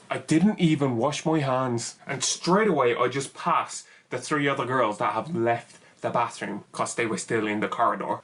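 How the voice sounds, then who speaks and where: A young man telling a funny personal story in an animated, exaggerated comic way. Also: a little high. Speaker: YouTuber. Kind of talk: comedic story time.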